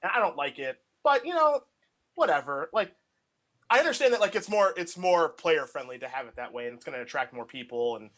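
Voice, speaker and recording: Young man, casual chat, rambling, filler-heavy, slightly high-pitched. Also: expressive, brisk, a bit bright. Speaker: podcast co-host.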